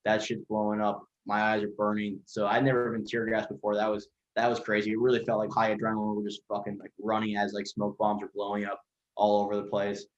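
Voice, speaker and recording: A man who is a guest chef on a podcast, telling stories in a rapid, rambling way full of fillers and swearing. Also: on the low side, completely flat delivery. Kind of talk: casual storytelling. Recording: lo-fi dull audio.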